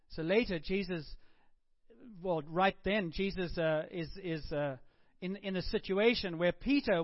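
A man preaching a sermon, dropping to a hush and then rising to emphatic, acted-out quotes. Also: high-pitched, no room sound. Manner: swings between hushed and emphatic, acts out quotes. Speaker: pastor. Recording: muffled dull recording.

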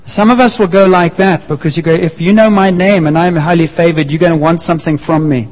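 A man preaching a sermon to a congregation, repeating key phrases and slowing down to press his points home. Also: fairly high pitch, steady tone. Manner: emphatic, repeats key phrases, slows for emphasis. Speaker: pastor. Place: church hall. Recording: muffled sound with long church reverb.

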